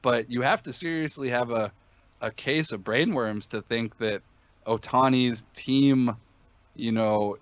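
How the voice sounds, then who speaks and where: A man's voice: mid-range voice, normal speed, dry recording, muffled recording. A man talking sports betting in a casual podcast chat, emphatic and opinionated, with many fillers and restarts.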